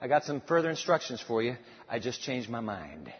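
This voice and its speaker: God, as a man preacher puts him on, husky and commanding. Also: high voice, lively intonation, brisk. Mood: relenting. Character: God speaking, a commanding divine male voice. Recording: dull sound with long hall reverb.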